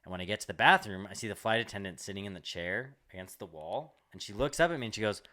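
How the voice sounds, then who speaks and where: Low-voiced young man rambling through a story. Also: fast, hardly any pauses, pushed and bright. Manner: rambling, swearing, lots of "like". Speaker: comedian podcast co-host. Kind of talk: casual storytelling chat.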